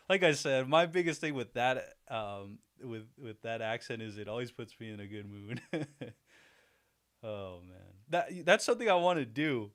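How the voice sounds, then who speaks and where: Man, livestream host, casual chat, self-deprecating, mid-pitched voice. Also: animated, moderate pace. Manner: chatty, laughs often, self-deprecating.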